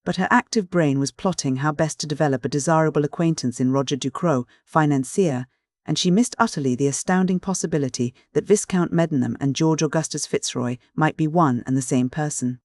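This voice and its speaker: An audiobook narrator reading a classic novel in measured, scripted narration. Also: mid-range voice, a little mellow, dry recording, studio quality.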